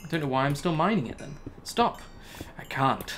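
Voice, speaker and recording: A man's voice: fairly high pitch, animated, quick pace, fairly bright tone, a little hiss or hum. A man giving casual Let's Play commentary, talking to himself and laughing at his own mistakes. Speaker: gaming YouTuber.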